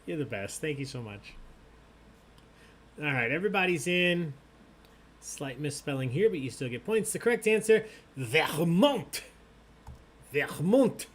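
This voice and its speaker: A man's voice: fairly high pitch, normal speed, long pauses. A man hosting a live online trivia night, reading questions and joking with players in an upbeat way. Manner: animated, upbeat, jokey. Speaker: trivia host.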